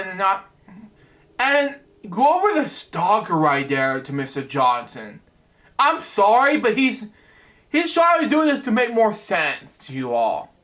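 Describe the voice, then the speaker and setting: Man hosting a bedtime story reading. Rambles, keeps saying "anyway". High, bright voice. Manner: rambling asides, repeated "anyway". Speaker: host reading a children's book. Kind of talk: casual storybook reading with commentary.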